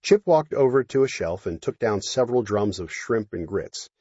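A man narrating an audiobook in an expressive storytelling manner. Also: fairly low pitch, moderate pace, breathy edge, dry recording. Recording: dry, dull lo-fi audio.

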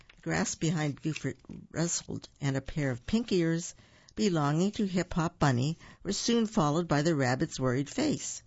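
A storybook reader reads a children's tale aloud and pauses with ums to explain words. The voice has a gravelly rasp. The recording is dull and dry, with no room echo. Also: medium pitch, lively intonation.

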